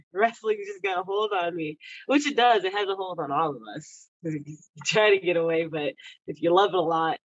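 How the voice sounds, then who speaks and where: A young woman from Texas, a guest on a podcast, chatting casually about her coaches. She laughs often between phrases and jumps into high, animated voices when she quotes people. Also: no echo. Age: young adult. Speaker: podcast guest, Olympic wrestler. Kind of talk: casual interview chat. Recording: dull, slightly lo-fi, dry sound.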